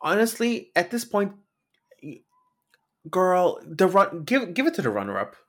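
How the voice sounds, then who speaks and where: A man's voice: sits high, very animated, measured pace, fairly bright tone. Sassy, blunt man on a podcast. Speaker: podcast co-host. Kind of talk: casual chat.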